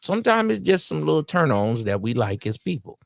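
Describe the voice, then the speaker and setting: A man's voice: a little high, sing-song, a little fast, creaky, no echo. A man with a Southern American accent reacting to a video in casual, playful commentary full of streetwise slang. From Southern United States.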